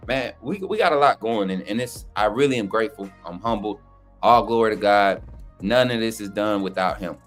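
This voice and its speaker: A man rattles off shout-outs to his live chat, excited and slangy. His voice leaps up and down in pitch as he gets louder. Soft music plays faintly behind him. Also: moderate pace. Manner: hyped, slangy, calls out chat names. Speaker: co-host. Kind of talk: casual livestream shout-outs.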